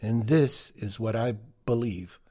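A man co-hosting a podcast, giving prepared commentary in a deliberate, emphatic way. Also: on the low side, mellow. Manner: slow, deliberate, emphatic delivery. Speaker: podcast co-host.

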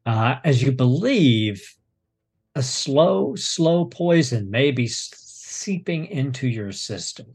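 Slow husky male game master. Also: mid-range voice, expressive, darkish tone. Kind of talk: narrating a tabletop game.

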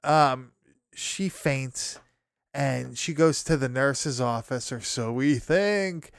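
A young man with a smooth, resonant voice chats through a horror movie recap. He swears freely, laughs at his own remarks and rambles along with lots of fillers. The recording is dry and close. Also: medium pitch, slow pace, no echo. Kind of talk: casual movie recap chat.

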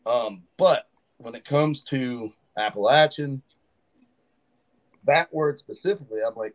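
A man's voice: medium pitch, measured pace, long pauses, rough recording. A man hosting a podcast, explaining history at length in a casual studio chat. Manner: explains at length, lively storyteller. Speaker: podcast host.

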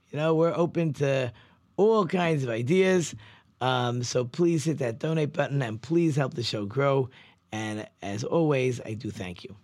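A man's voice: mid-range voice, dry recording. A middle-aged man, a rabbi hosting a talk show, talking casually and loosely, with frequent ums and restarts. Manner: conversational, loose storytelling with many ums and restarts.

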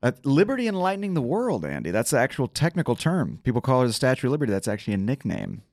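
A man, a tour guide guest on a casual podcast, telling a story quickly with many restarts and asides. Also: mid-range voice, big pitch swings, a little mellow, dry recording, clean studio sound.

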